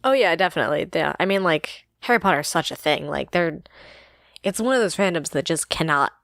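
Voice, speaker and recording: A woman co-hosting a podcast, chatting in a relaxed, agreeable way and laughing easily. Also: deep voice, brisk, creaky, dry recording, studio quality. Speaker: podcast co-host. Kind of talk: casual chat.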